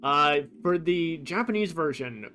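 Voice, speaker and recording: A man's voice: on the high side, animated, a little slow, pushed and bright, slight background noise. A man streaming a game, explaining its translations in a casual, hesitant way, fumbling for words and poking fun at himself.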